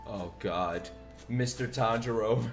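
A man streaming his reaction to an anime, excitable and profane, laughing and shouting at the screen. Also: mid-range voice, slow. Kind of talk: casual reaction commentary. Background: anime soundtrack music playing.

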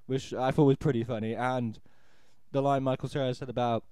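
A man's voice: mid-range voice, steady tone, fairly quick, dark tone, smooth, no room sound. A man giving a rambling, exasperated, sarcastic spoken film review. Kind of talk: ranting audio film review.

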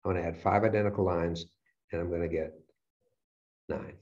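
A man giving a motivational lecture, telling stories and acting out his own reactions with lively energy. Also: low voice, brisk. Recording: dull lo-fi sound.

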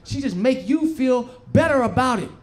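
High-voiced animated male comic. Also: normal speed. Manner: loud, animated, streetwise banter with the crowd. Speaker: stand-up comedian. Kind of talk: stand-up comedy set. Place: comedy stage. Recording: live show, loud crowd laughter and noise.

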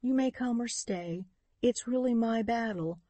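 A woman's voice: a little high, unhurried, warm tone, dry recording, pitched above the performer's own voice. A woman reading an audiobook voices a determined young woman in a crisis, speaking with urgent, breathless pleading. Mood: urgent whisper.

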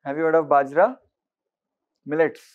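Indian man teaching, high voice. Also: moderate pace, narrow, tinny audio. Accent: Indian English. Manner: questioning, mixes Hindi words, repeats for emphasis. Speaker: exam-prep teacher. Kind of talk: lecture to students.

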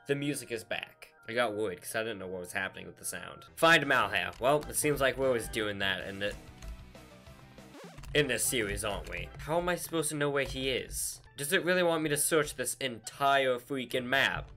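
A man doing excitable let's play commentary, reacting aloud to the game as he plays. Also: medium pitch, moderate pace, soft background music. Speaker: gameplay commentator.

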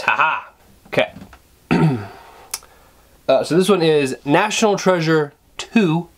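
A man's voice: a little high, fairly bright tone. A man vlogging in a casual, rambling, self-deprecating way, chuckling as he talks. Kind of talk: casual chat to camera.

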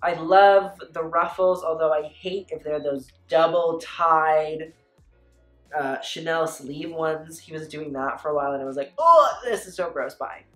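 Casting note: woman with a lowish voice, casual fashion vlogger, chatty and blunt, echoey room, soft music behind. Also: level tone, unhurried. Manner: chatty, frequent "like" and "you know", blunt swearing. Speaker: fashion commentator.

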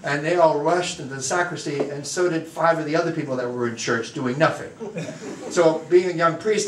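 A man, a priest, telling a self-deprecating funny story to a parish group in a lively, anecdotal way. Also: on the high side, a little fast. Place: church or parish hall. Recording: echoey, distant mic, faint room noise.

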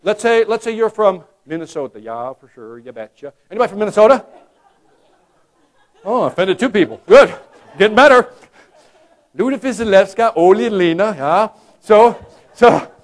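A man giving a lively sales training talk to a live audience, acting out customer voices and joking with the crowd. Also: high-pitched, normal speed, pauses often. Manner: animated, acts out customer voices, jokes with the crowd. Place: conference hall.

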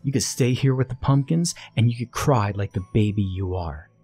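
A man's voice: lowish voice, moderate pace, darkish tone, slightly rough. A man doing a sneering teenage bully. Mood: taunting. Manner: taunting, sneering. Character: cruel cocky teenage bully.

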